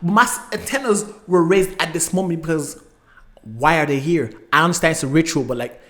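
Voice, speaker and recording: Man, high voice, animated show recap, acts out his reactions. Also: fairly quick. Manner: animated, emotional storytelling with acted-out reactions. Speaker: host. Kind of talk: excited episode recap.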